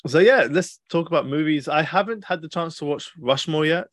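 A man's voice: on the high side, fairly quick, dry recording. Rambling young man, dry sound. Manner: rambling, animated storytelling with many fillers and restarts. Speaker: podcast host. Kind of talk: casual chat.

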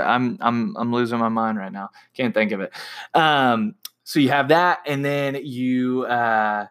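A young man excitedly recapping a film in a casual, rambling way, full of fillers and restarts. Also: mid-range voice. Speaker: movie reviewer.

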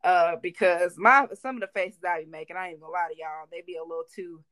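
A woman's voice: fairly low pitch, steady tone, fast talker, a bit bright, no echo. A young woman in her twenties co-hosting a podcast, telling a work story in casual, slangy chat and slipping into voices when she quotes people. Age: 20s. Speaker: podcast co-host.

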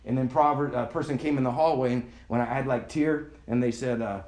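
Conversational preacher with a roomy echo. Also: male voice, mid-range voice, fairly quick, a little mellow. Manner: conversational preaching, has the congregation repeat words. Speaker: pastor. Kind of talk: sermon. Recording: echoey room.

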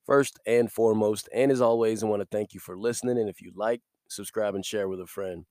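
A man's voice: on the low side, fairly even intonation, fairly quick, darkish tone, no echo, clean studio sound. Upbeat male podcast host with a cold. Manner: upbeat and preachy, laughs between points. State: recovering from a cold. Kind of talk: short devotional podcast.

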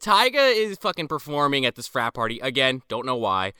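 A man casually retelling movie scenes with friends, animated and profane. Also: mid-range voice, a little fast, a little hiss or hum. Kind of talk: casual movie recap chat.

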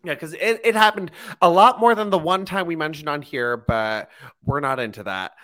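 A man's voice: moderate pace, a bit bright. A young man co-hosting a podcast, chatting casually about wrestling and laughing often. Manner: giggly, laughs often, quotes people in a high voice. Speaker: podcast co-host. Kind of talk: casual chat recapping wrestling.

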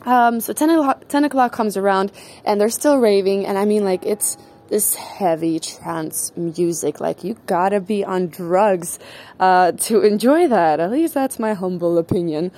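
A woman tells a casual anecdote in a chatty manner, swearing freely and peppering her speech with fillers like "like" and "um." Her voice is medium-pitched and dark in tone, and she speaks unhurriedly.

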